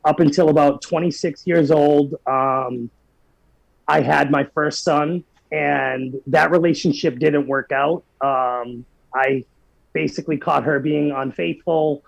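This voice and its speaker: Man, forties, gravelly, earnest, heartfelt storytelling, dry sound. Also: fairly high pitch, steady tone, slow pace, no room sound, low-quality recording. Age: 40s. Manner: earnest, heartfelt, many restarts. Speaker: podcast guest. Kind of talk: personal storytelling.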